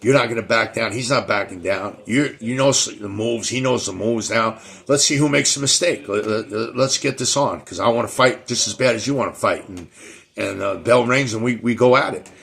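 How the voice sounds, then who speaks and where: A man's voice: fairly low pitch, normal speed, gravelly, fairly bright tone. A middle-aged man hosting his own show, talking casually in a rambling way, with many restarts and repeated words. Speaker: show host. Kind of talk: casual monologue.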